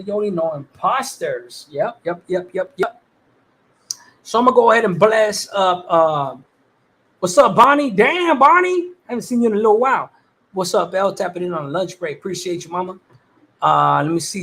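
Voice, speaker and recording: Slangy, high-voiced man on a livestream. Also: fairly bright tone. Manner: laid-back slangy talk, swearing, greeting viewers. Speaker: livestream host. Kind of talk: casual livestream chat.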